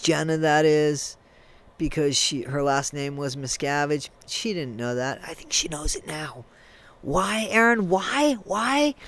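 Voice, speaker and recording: A commentary creator with a smooth, mid-range voice rants angrily at someone, recorded without echo. He accuses the person directly, addressing him head-on, and spells out swear words letter by letter in a heated tone.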